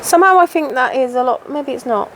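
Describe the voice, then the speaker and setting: A woman in her thirties chats casually while she stitches at home, wandering from topic to topic and breaking off mid-thought. Her voice sits a little high. A faint hum of the room can be heard behind her. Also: fairly quick, a bit bright. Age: 30s. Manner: chatty, rambling, self-interrupting. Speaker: crafting channel host. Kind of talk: casual stitch-along chat. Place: home, indoors.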